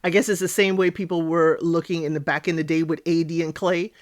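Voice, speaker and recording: A woman hosting a casual reality TV recap, talking in an animated, outspoken way with sassy asides. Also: lowish voice, a little fast, dry recording, clean studio sound.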